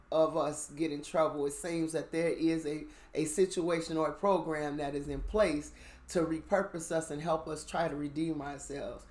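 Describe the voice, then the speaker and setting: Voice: medium pitch, darkish tone. A spiritual storyteller retelling a story in a loose, slangy way, full of fillers and asides. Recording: echoey room.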